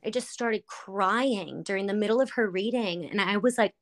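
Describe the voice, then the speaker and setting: A woman's voice: medium pitch, moderate pace, few pauses. A woman podcast host in casual chat, telling stories animatedly with lots of fillers. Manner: animated storytelling with many fillers.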